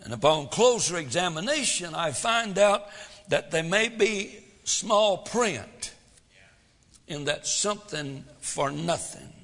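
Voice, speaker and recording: A man's voice: high voice, lively intonation, slow, a bit bright, in a large hall. A man preaching a sermon as pastor, folksy, full of rhetorical questions, swelling and dropping for drama.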